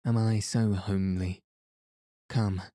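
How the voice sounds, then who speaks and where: A man's voice: on the low side, fairly even intonation, slow pace, warm tone, no room sound, studio quality. A man reading the part of a small, bold young noblewoman who teases and coaxes in old-fashioned speech. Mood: teasing. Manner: playful, coaxing.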